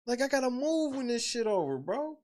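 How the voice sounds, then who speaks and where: A man holds forth on a casual podcast in a loose, profane rant. His pitch swings widely as he talks, rising and dropping with his points, and he breaks into laughter between them. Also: big pitch swings, a little fast. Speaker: podcast host.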